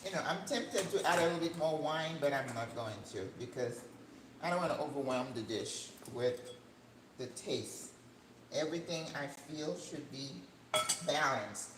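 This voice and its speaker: An older woman hosting a cooking channel, chatting casually as she cooks in her home kitchen, rambling and breaking into excited high notes. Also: moderate pace. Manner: chatty, rambling, with sudden excited jumps in pitch. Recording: echoey room with faint background hum.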